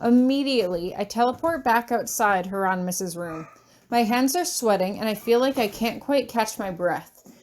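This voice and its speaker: A woman reading a fan fiction story aloud in the first person, expressive in her delivery. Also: normal speed. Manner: expressive, shrill when shouting. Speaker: audiobook reader of fan fiction.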